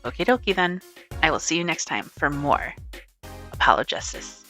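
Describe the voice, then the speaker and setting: A woman's voice: low-pitched, animated, a little fast, pushed and bright, soft background music. A woman casually commentating a game she plays, chatty and giggly, reading dialogue aloud. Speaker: let's play streamer.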